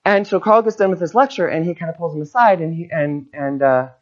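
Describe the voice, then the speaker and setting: A guest preacher giving an informal sermon as a personal story, animated and acting out the people in it. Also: mid-range voice, brisk. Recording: dull lo-fi recording.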